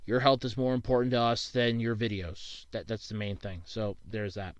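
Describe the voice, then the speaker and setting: A man's voice: on the low side, little pitch movement, moderate pace, dry recording, lo-fi sound. A young man from Pennsylvania, a YouTuber casually answering viewer questions, rambling and swearing freely when he gets worked up. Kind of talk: casual Q&A monologue.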